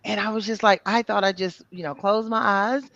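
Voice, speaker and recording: Middle-aged woman, interview guest, animated personal storytelling, quotes others vividly, dry dull recording. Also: mid-range voice, brisk, dry recording. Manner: animated retelling, acting out quoted voices, many fillers.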